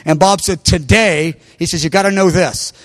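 A man's voice: high voice, steady tone, moderate pace, no room sound. A man preaching, telling a story with animation and raising his voice when he quotes others. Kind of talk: sermon testimony.

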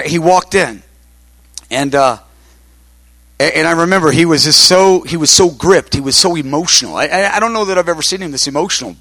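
A man's voice: on the high side, a bit bright, dry recording. An older man preaching in a conversational storytelling way, often repeating himself with fillers like "uh". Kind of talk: sermon storytelling.

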